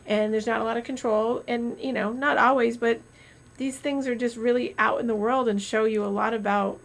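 A woman's voice: fairly high pitch, steady tone, fairly quick. A woman doctor chatting casually on a podcast, telling stories animatedly with metaphors and restarts. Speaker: doctor co-host.

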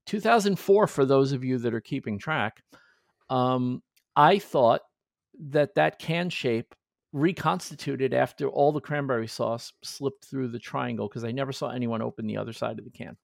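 A man in his forties hosting a podcast in casual chat, an animated storyteller who acts out the voices of people in his stories. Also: medium pitch, normal speed, creaky, no echo, clean studio sound. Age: 40s. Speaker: podcast host.

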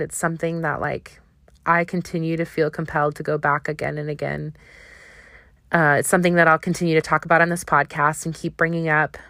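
Earnest low-voiced woman podcaster. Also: creaky, a bit bright, no echo. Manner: earnest, searching, with fillers like "like" and "um". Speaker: podcast host. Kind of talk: personal reflective podcast monologue.

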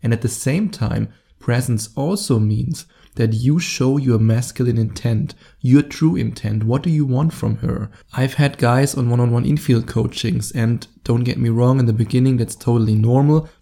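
Gravelly German-accented podcast coach. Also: male voice, medium pitch, moderate pace, hardly any pauses, warm tone. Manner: direct, coaching, addresses the listener. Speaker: dating coach and podcast host. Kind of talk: solo podcast monologue.

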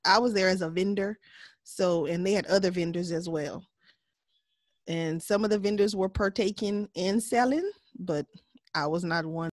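A woman co-hosting a podcast in casual chat, candid and laughing often, sometimes dropping to a soft voice. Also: lowish voice, dry recording. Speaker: podcast co-host.

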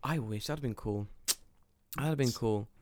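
A young British man co-hosting a casual podcast, telling stories with lots of swearing and quick impressions of people. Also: medium pitch, no room sound. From United Kingdom. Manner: animated storyteller, mimics people, swears freely. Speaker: podcast co-host. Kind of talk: casual chat.

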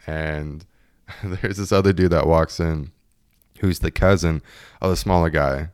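A man's voice: a bass voice, steady tone, a little slow, darkish tone, clean tone, no echo, studio quality. A young man in his twenties casually telling a story, laughing often and acting out what his friends said.

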